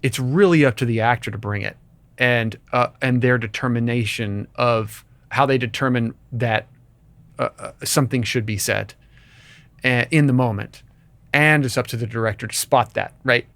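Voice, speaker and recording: A man's voice: medium pitch, moderate pace, a bit bright, no room sound. Enthusiastic man rambling on a podcast. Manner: enthusiastic, rambling, many restarts. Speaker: podcast co-host. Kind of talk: casual chat.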